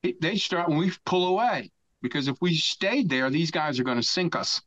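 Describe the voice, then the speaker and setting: Profane, animated man telling a story. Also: on the high side, normal speed, dull audio. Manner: animated, profane storyteller who acts out shouted quotes. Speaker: podcast guest. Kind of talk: casual storytelling interview.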